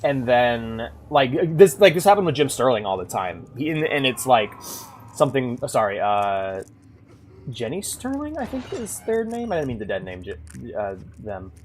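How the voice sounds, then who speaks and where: A man's voice: medium pitch, big pitch swings, normal speed, a little hiss or hum. A young man streaming a horror game, chatting casually with his viewers in a rambling way full of restarts. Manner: rambling, talks to chat with many likes and restarts. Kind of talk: casual live-stream chat while gaming.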